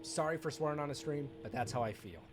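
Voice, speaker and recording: A man's voice: fairly high pitch, fast, noisy background. Candid rambling man streaming a game. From United States. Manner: rambling, candid, bitter and sarcastic asides. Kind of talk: casual live-stream chat.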